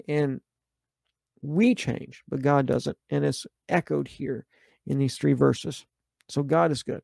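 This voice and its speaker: Gravelly pastor preaching earnestly. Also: male voice, fairly high pitch, darkish tone, no room sound, clean studio sound. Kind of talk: podcast sermon.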